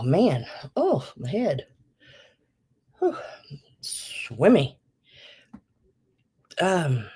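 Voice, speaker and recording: A woman hosting a live vintage sale, chatting casually and rambling with many ums, a bit out of breath. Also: sits low. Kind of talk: casual live-stream chat.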